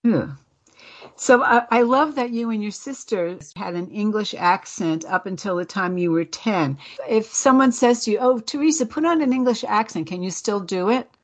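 A woman's voice: mid-range voice, animated, moderate pace. Woman hosting a radio interview. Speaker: radio host.

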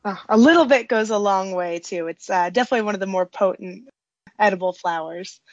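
A woman's voice: mid-range voice, fairly quick, no echo, dull audio. A woman baker, a guest on a radio show, talking hesitantly with many fillers and small laughs. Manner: hesitant, many ums and uhs, giggly. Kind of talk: casual interview chat.

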